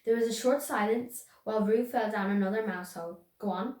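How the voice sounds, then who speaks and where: A woman's voice: medium pitch, a little mellow. A young girl reading a children's story aloud, voicing the animals and stumbling over a few words. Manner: reads slowly, voices characters, small stumbles and restarts. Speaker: reader. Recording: echoey room.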